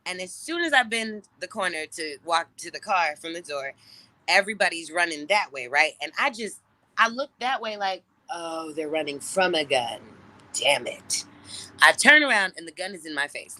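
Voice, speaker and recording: A woman, an interview guest, telling a story in casual, profane, animated talk and laughing often. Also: lowish voice, a little fast.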